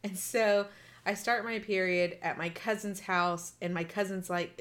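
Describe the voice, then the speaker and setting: Woman spilling an embarrassing story, swears a lot, laughs along, bright clear voice. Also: mid-range voice, fairly even intonation, unhurried. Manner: candid, swears freely, laughs through the story. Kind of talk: casual chat, storytelling.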